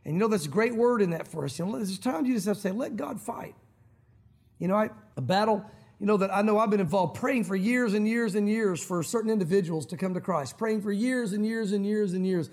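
A middle-aged man preaching a sermon as pastor, animated and acting out quoted voices. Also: sits high, fast talker.

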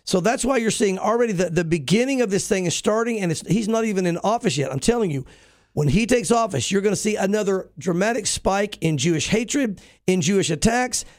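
Brief: man, pastor and host, high pitched voice, dry close sound, preachy emphatic commentary. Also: expressive, a little fast, darkish tone, dry recording. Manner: emphatic, preachy, with frequent restarts. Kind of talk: news reading and opinion commentary.

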